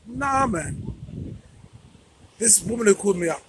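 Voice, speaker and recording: A man's voice: high voice, lively intonation, normal speed, pauses often, background noise. A man talking straight to camera in a commentary vlog, emphatic and repeating phrases for stress. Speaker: vlogger.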